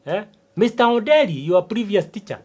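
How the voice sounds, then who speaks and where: For a TV sitcom, a substitute teacher plays a stubborn, boastful retired farmer in an older, high-pitched male voice. The delivery swoops and stays animated, full of drawn-out, self-important rhetorical asides.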